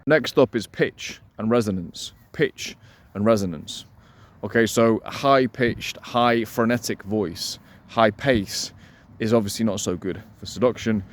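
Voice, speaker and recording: A man coaching listeners on voice and delivery, energetic and emphatic, repeating his key points and slowing down to demonstrate. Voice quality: resonant voice. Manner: deliberately slows and lowers voice to demonstrate. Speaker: dating coach. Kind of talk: instructional talk to camera.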